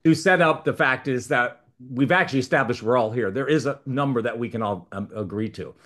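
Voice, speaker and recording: A man's voice: mid-range voice, fairly quick, a bit bright. A male mediator speaking casually on a panel, telling stories and acting out quoted exchanges. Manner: anecdotal, acts out quoted exchanges. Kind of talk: casual discussion, telling a joke.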